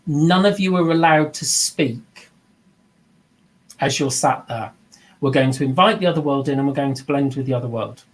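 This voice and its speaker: Over a video call, a man teaches trance mediumship through personal anecdotes, speaking conversationally and repeating himself. He acts out quoted voices as he tells his stories, using a mid-range voice at a normal speed.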